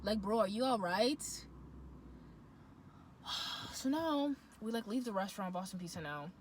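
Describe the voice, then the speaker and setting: A woman's voice: mid-range voice, a little slow, low-quality recording. Girl in her 20s telling a storytime, slangy and dramatic, bit of noise behind her. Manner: animated, slangy, dramatic retelling. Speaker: vlogger. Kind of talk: storytime monologue.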